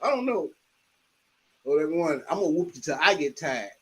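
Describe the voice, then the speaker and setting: An older man hosting a livestream, telling animated childhood stories with laughter and acting out his mother's scolding. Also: a little high, moderate pace, husky, poor audio. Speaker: livestream host. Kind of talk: casual storytelling chat.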